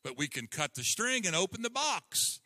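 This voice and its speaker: Earnest frog lecturing about willpower, man putting him on, high lively voice. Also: moderate pace, no echo, big-room sound, full character voice. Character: sensible male frog preaching willpower.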